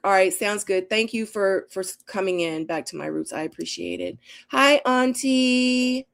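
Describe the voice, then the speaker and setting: A middle-aged woman hosts a casual live stream and chats through viewer comments. Her voice sits at an ordinary pitch for a woman. She is animated and openly emotional as she talks. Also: normal speed, vocal fry, few pauses. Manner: animated and emotional, acts out her own quotes with laughter. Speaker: livestream host.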